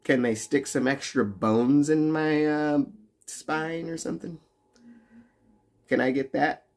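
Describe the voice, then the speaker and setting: A man's voice: on the high side, steady tone, slow pace. A young adult man livestreaming, chatting with his viewers in a teasing, profane, joking way. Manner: profane, teasing banter with frequent laughs. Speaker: livestreamer reading chat. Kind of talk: casual livestream chat.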